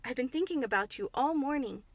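A woman's voice: high-pitched, lively intonation, fairly quick, dry recording. A woman voicing a spoiled, sickly boy who speaks grandly and gives orders. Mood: commanding. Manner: grand, demanding, peremptory.

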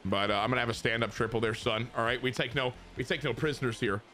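A man giving casual, excitable commentary over his own video game match, swearing and trash-talking the opponent as he plays. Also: mid-range voice, fast, music in the background. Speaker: gaming channel host.

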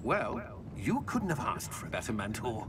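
A jovial English ministry wizard. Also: male voice, mid-range voice, huge pitch swings, moderate pace, background noise. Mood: chatty. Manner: chatty, chuckling. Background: game music.

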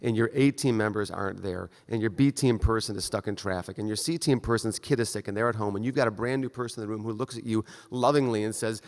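A man's voice: fairly low pitch, fast, hardly any pauses. Man lecturing in an echoey hall. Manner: conversational, direct, acts out brief exchanges. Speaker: surgeon lecturer. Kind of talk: conference lecture. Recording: long reverb of a lecture hall.

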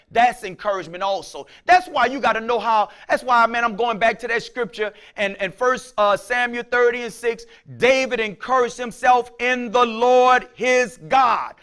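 High, bright-voiced impassioned male preacher. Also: moderate pace, few pauses. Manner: impassioned preaching, shouting out scripture; repeats "Praise the Lord" between points. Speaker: pastor. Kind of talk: sermon.

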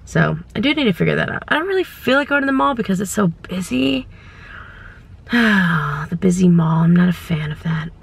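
A young woman, vlogging casually from her car and around stores, rambling and indecisive, getting excited as she talks. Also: medium pitch, fast, gravelly, hardly any pauses. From California. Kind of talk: casual vlog chat.

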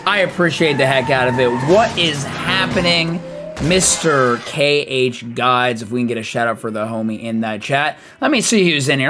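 A young man giving lively live commentary on his game, chatty and hyped, greeting viewers by name. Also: mid-range voice, moderate pace, soft background music. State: out of breath. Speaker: streamer.

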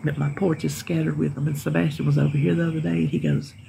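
A woman's voice: sits low, little pitch movement, rapid-fire, creaky, dark tone, a little hiss or hum. A middle-aged woman with a Southern American accent, chatting to camera on her porch and laughing often as she tells stories. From Southern United States. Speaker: weight-loss vlogger. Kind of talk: casual chat to camera. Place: home porch, outdoors. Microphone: phone camera.

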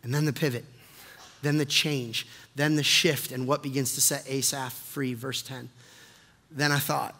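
A man preaching a sermon as pastor, impassioned, swinging from hushed reflection to loud urgent questions. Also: mid-range voice, level tone, a little slow. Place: church sanctuary. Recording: long hall reverb.

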